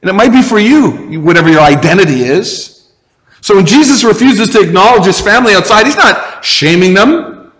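A man's voice: sits high, animated, moderate pace, a bit bright, long reverb tail, poor audio. A male pastor preaching a sermon, earnest and emphatic, with rhetorical questions.

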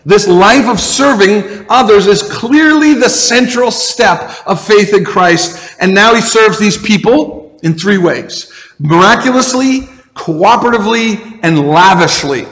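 A man's voice: sits high, fairly bright tone, in a large hall. A man preaching a sermon as a pastor, in a conversational way with asides and restarts.

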